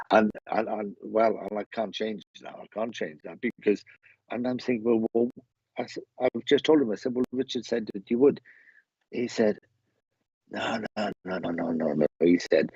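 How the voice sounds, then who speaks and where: A man giving a live mediumship reading, chatty and halting, often restarting sentences as he passes on messages. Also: mid-range voice, lively intonation, gravelly, warm tone, slightly rough, dry recording, dull audio. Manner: chatty, laughing, stumbling restarts, relays spirit messages.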